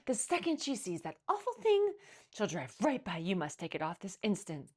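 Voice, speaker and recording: A woman voicing a bossy, snooty lady who shouts everything she says, loud and high. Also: steady tone, fairly quick. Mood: outraged. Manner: shouting, bellowing.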